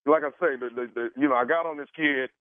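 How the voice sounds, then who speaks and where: A man making a prank phone call for a radio show, halting and stammering with many fillers. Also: mid-range voice, dry recording. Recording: dry tinny phone line.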